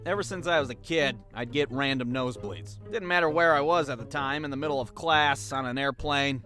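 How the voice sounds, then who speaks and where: A man's voice: a little high, fairly bright tone. Profane, punchy male comic storyteller. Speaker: comedic storyteller. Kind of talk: animated comedic storytelling.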